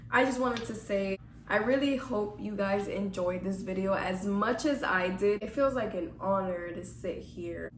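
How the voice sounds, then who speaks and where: A woman's voice: mid-range voice, a little slow, a little hiss or hum. Chatty young woman in an echoey room. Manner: chatty, rambling storytelling. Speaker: YouTuber. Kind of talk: casual vlog Q&A and story time.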